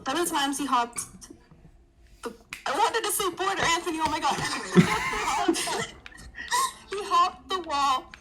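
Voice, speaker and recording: A woman's voice: very high voice, animated, slow pace, pauses often, heavy background noise. A woman guest on a casual podcast, telling a self-mocking childhood story with laughter.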